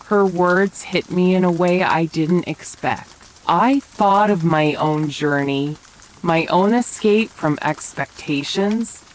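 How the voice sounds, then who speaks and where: Slow soft-spoken woman narrator. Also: fairly low pitch, low-quality recording. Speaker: storyteller. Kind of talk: whispered role-play. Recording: faint rain sounds behind.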